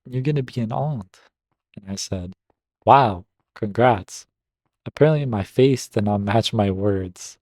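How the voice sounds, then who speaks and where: A man's voice: lowish voice, moderate pace, mellow, no echo. A man reading a drama story aloud and breaking off to react with upbeat asides. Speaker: Reddit story reader and gaming commentator. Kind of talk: reading stories aloud with casual commentary.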